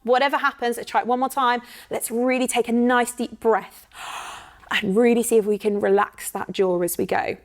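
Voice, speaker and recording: A woman's voice: on the high side, steady tone, normal speed. A woman, teaching an online singing workshop in an encouraging way and checking in often with "okay?". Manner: counts in and sings demo phrases.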